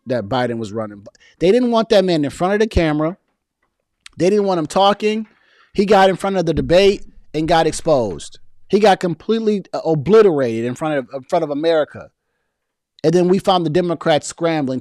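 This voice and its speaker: Slangy, animated man with a dry sound. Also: a little high, no echo. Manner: loose and animated, slangy, frequent restarts and repeated words. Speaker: political commentary host. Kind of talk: casual political commentary, reading viewer comments.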